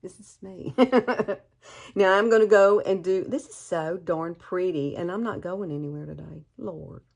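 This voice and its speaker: On the low side and a little slow, this woman's voice is gravelly yet somewhat mellow. The Alabama beauty vlogger, in her fifties with a Southern accent, walks through a makeup tutorial in a homey, chatty way, calling the viewer "girl."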